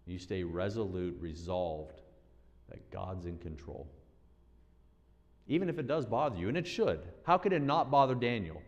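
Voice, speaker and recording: A man preaching a sermon as pastor, animated, acting out quoted voices with big swings in pitch and loudness. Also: moderate pace, muffled recording. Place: church sanctuary. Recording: long church-hall reverb.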